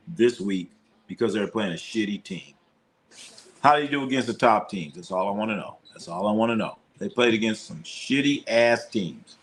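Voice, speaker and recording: A man hosting a live sports watch party, talking loosely and animatedly, quick to laugh and swear as he reacts to the game. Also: lowish voice, a bit bright. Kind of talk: casual live sports commentary.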